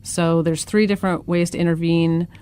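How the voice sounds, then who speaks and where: An American woman who works as an educator, explaining things calmly in a casual discussion. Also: fairly low pitch, moderate pace, clean tone. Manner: calm and explanatory. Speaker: guest educator.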